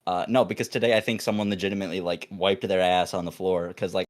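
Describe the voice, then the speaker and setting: A young man, a podcast co-host, telling a work story in a rambling, animated way, full of restarts and acted-out quotes. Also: deep voice, fast. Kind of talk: casual storytelling chat.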